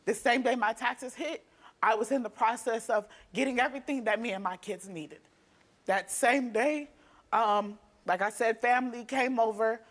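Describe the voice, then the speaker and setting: A woman's voice: on the high side, moderate pace. A young woman, a guest on a talk show, giving an earnest, detailed and emphatic account of events. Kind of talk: personal testimony.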